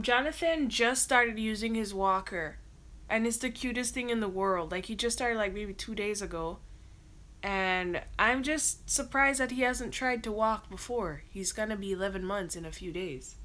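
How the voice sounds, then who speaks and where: A woman's voice: medium pitch, sharp tone. A woman hosting a casual livestream, lying down at home, reading viewer comments aloud and answering them in a chatty way. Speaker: livestream host.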